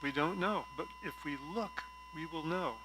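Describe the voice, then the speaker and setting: A man preaching a gentle, reflective sermon from a stage at a spiritual center, telling a story and often dropping to a soft voice. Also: on the high side, normal speed, background noise. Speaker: guest speaker at a spiritual center.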